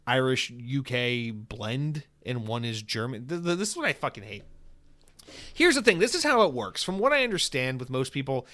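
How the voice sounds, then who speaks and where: A male podcast host talking casually on his own show. He is animated and sarcastic, drops profanity easily and fills his talk with casual fillers. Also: medium pitch, moderate pace. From United States.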